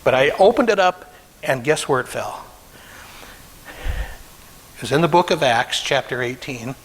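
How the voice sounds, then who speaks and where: A man's voice: medium pitch, lively intonation, unhurried, long reverb tail, slight background noise, poor audio. A middle-aged man preaching a sermon, telling a personal story with emotion and acting out the voices he quotes. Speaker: pastor.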